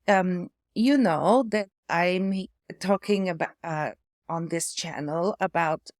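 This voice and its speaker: A middle-aged woman from Canada whose speech now has an Eastern European-sounding accent, talking slowly and haltingly with many pauses and fillers, affected by aphasia after a stroke. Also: lowish voice, dry recording, clean studio sound. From Hamilton, Ontario, Canada. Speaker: memoir vlogger, former priest. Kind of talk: personal reflective talk to camera.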